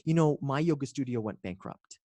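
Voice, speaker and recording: A man's voice: medium pitch, lively intonation, brisk, mellow, no room sound. A man, a coach and guest, talking in a casual interview with emphatic, punchy storytelling.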